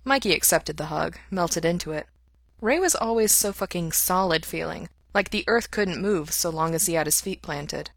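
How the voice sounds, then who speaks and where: A woman narrating a story in a calm, even manner with a fairly low voice. The recording is close and dry, with no room sound. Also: normal speed, creaky, no echo. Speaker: reader. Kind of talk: audiobook narration of fan fiction.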